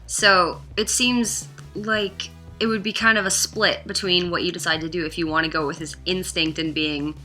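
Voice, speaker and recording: A woman's voice: lowish voice, steady tone, normal speed, hardly any pauses, pushed and bright, faint music behind. A young woman casually reviewing a game, chatty and blunt, filling her talk with "like" and "you know" and the odd swear. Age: young adult.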